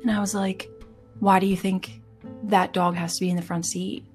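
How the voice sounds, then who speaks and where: A woman's voice: medium pitch, level tone, normal speed, a little mellow, faint music behind. A young woman co-hosting a casual podcast, telling stories with a slight stutter on some words. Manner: giggly, chatty storyteller with a slight stutter on m-words. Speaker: podcast co-host.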